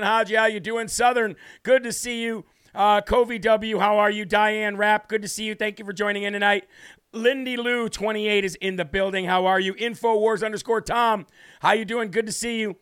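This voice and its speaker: A man hosting a live political talk stream, talking in an animated, repetitive way, greeting viewers by name and reading a devotional. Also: high-pitched, brisk, clean tone. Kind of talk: casual live-stream commentary.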